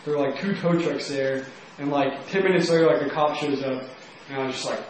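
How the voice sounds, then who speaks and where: A man's voice: medium pitch, brisk, few pauses, a little hiss or hum. A young man from Texas giving a casual, rambling personal testimony, with lots of "like" in his speech. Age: young adult. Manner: casual, rambling, heavy use of "like". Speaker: storyteller. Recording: very echoey room, mic at a distance.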